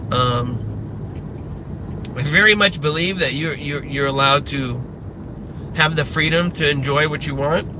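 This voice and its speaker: A Midwestern US live streamer with a slightly high voice rants casually and profanely, drifting off on tangents. Background noise can be heard.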